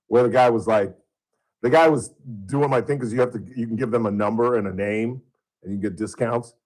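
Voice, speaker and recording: A man's voice: medium pitch, low-quality recording. A man in his sixties hosting talk radio from a studio, telling rambling stories in casual chat. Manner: rambling storyteller. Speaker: radio host. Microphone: studio mic.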